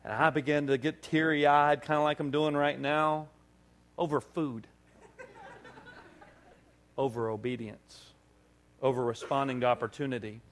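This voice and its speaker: A male pastor preaching to his congregation, telling a story with lively, acted-out dialogue. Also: medium pitch, unhurried, pauses often. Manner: animated storytelling, acting out dialogue. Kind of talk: sermon. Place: church service.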